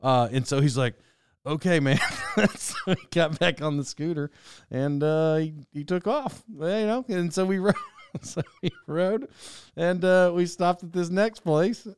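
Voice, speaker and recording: A man's voice: on the high side, a little slow, clear, resonant tone, no room sound, clean studio sound. A young man telling a story casually, rambling with restarts and chuckling as he goes.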